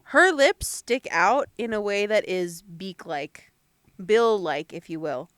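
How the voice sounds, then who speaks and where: A woman's voice: mid-range voice, animated, slow, fairly bright tone, clear, resonant tone, dry recording, clean studio sound. A young woman co-hosting a casual chat podcast, playful and teasing, laughing a lot. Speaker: podcast co-host.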